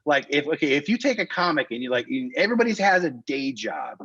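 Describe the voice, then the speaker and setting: Man, comedian guest, lively pitch, dull dry lo-fi audio. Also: quick pace, husky, dry recording. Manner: musing, trailing off, laid-back. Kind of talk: casual chat.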